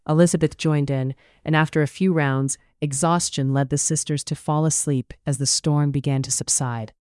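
Smooth clear narrator, dry close mic, steady storybook reading. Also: mid-range voice, no echo. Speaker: audiobook narrator. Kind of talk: scripted narration.

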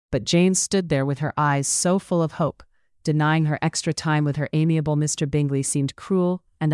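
A narrator reads a period romance in a measured, even storytelling manner. The voice is smooth and clear. It is recorded close to the mic in a dry space. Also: medium pitch, no echo. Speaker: audiobook narrator. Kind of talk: scripted narration.

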